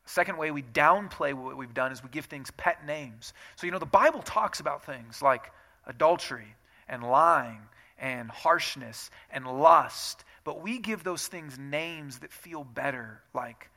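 A man's voice: fairly high pitch, measured pace, gravelly. A man, a pastor, giving a sermon and acting out the excuses people make in shifting voices. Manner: animated, acts out quoted excuses in shifting tones.

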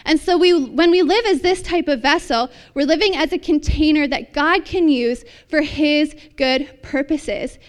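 A woman's voice: high-pitched, a little slow, few pauses. A young woman pastor preaching a sermon in an upbeat, chatty way with lots of casual fillers. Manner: bubbly, upbeat, chatty with many "like"s.

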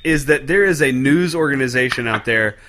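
A man's voice: medium pitch, brisk, a bit bright. A man from North Texas co-hosting a casual beer podcast, rambling and swearing as he laughs along. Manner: rambling, profane, laughing often. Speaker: podcast co-host.

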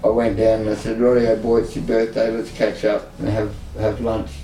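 A man's voice: fairly low pitch, monotone, normal speed. Blunt Australian man telling stories. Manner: blunt, emotional, self-mocking humor. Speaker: service user guest. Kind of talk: candid conversational storytelling. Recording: echoey room, distant mic, faint background noise.

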